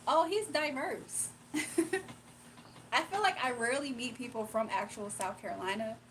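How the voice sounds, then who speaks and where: A woman's voice: on the high side, expressive, unhurried, a bit bright, a little hiss or hum, low-quality recording. A woman with a Southern US accent from Virginia, casually chatting on a late-night livestream, laughing often and answering her chat. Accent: Southern US, Virginia with Atlanta influence. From Virginia, USA.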